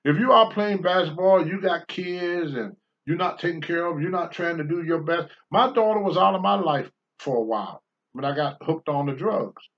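An older man on a talk show, blunt and preachy, swinging from low mutters to loud outbursts. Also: normal speed, muffled recording. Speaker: podcast host, former wrestler. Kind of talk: candid talk-show commentary.

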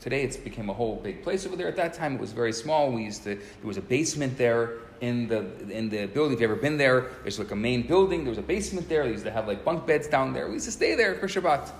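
A man teaching and telling a story in a casual way, animated, often repeating words as he starts a sentence. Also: mid-range voice, fast, hardly any pauses, reverberant, slight background noise, rough recording.

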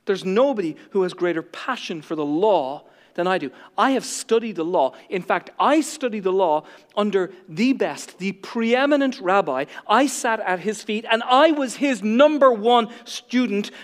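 A smug, boastful male scholar, as a preacher plays him, reeling off his merits in a condescending tone. The voice stays high and carries a long hall echo. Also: expressive, a little slow. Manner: condescending, self-satisfied boasting.

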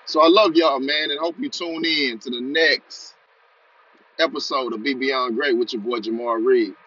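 A man's voice: medium pitch, fairly even intonation, moderate pace, sharp tone, slightly rough, lo-fi sound. A man hosting a podcast, giving an urgent motivational talk and leading the listener in repeat-after-me chants. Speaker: podcast host.

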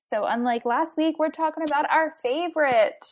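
A young woman co-hosting a podcast, chatting playfully with quick laughs. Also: sits high. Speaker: podcast co-host. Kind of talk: casual chat.

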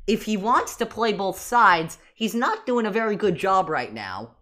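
A woman co-hosting a casual fan podcast, talking in animated, exasperated rants with many restarts. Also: mid-range voice, a little slow. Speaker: podcast co-host.

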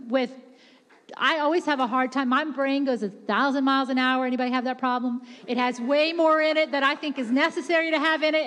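High-voiced impassioned woman preacher. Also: a bit bright. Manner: impassioned, quick-shifting, voices God and the Pharisees in quotes. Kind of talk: sermon. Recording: echoey hall reverb.

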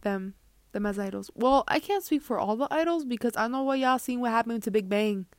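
A young woman rants on her podcast in a loose, joking ramble, often dropping to a whisper for quick asides. Her voice sits a little high. The recording is close and completely dry, with no room sound. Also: no room sound. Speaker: podcast host. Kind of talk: casual rant.

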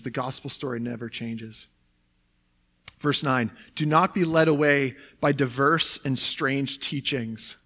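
A man's voice: mid-range voice, a bit bright. A young adult man who is a pastor, preaching a sermon in a conversational way, often saying "like" and "right?".

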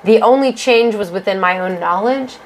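A woman's voice: mid-range voice, moderate pace, a little hiss or hum, rough recording. Casual woman podcaster, rambling fillers. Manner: rambling, filler-heavy, joking. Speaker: podcast co-host.

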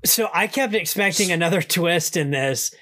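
A man's voice: high voice, lively intonation, normal speed, a bit bright. A man co-hosting a podcast, rambling and wry in casual chat. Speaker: podcast co-host.

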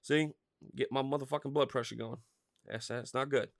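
A man's voice: mid-range voice, fairly even intonation, moderate pace, creaky, no room sound, clean studio sound. A man from Pennsylvania hosting a solo podcast, ranting heatedly and swearing constantly. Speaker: podcast host.

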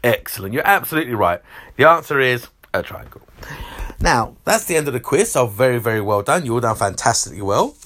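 A man runs a quiz with an animated, teasing delivery. His voice is bright and forceful. His pitch rises and falls a great deal from line to line. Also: brisk. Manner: animated, teasing, reads multiple-choice options. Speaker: quiz host. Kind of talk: reading out quiz questions.

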